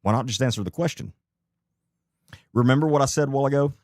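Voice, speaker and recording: A man's voice: medium pitch, fast talker, a little mellow, dry recording, studio quality. A man commenting live on a video clip, blunt and incredulous, who swears and repeats rhetorical questions.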